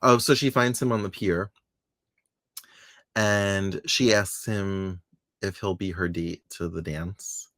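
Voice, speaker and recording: A man's voice: low-pitched, steady tone, slow pace, long pauses, fairly bright tone, dry recording, studio quality. A man co-hosting a podcast, recapping a soap opera in casual chat, laughing often and acting out quoted lines. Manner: chatty, laughs often, quotes characters in voices. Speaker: podcast co-host.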